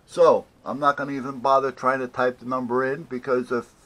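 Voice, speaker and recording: A man's voice: mid-range voice, little pitch movement, a little fast, fairly bright tone. An older man telling an annoyed story to camera, indignantly acting out both sides of a phone call. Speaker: vlogger. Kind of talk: casual ranting story to camera.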